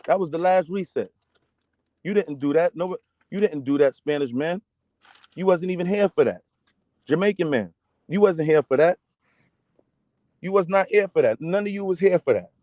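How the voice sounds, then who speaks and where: A man holds forth on a livestream in a somewhat high, insistent voice, circling back to the same lines over and over. The sound is close and dry with no room around it. The audio is a little dull, like lo-fi stream sound. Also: lively intonation, normal speed, pauses often, no room sound. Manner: emphatic, repetitive, keeps asking "okay?". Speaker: streamer reading viewer comments. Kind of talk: casual livestream rant.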